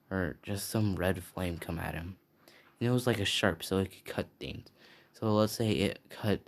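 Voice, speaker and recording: A young man casually telling an improvised fan story, rambling and stopping to recall details. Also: sits low.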